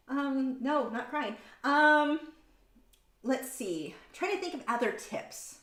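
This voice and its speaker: A woman's voice: high-pitched, animated, moderate pace. Chatty woman in a roomy studio. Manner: chatty and rambling, correcting herself mid-sentence. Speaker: artist hosting a painting livestream. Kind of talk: casual livestream chat. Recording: roomy room sound.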